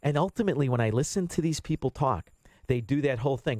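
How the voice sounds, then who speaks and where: A man's voice: medium pitch, expressive, quick pace, mellow, dry recording. A man hosting a political talk radio show, blunt and combative, swearing freely.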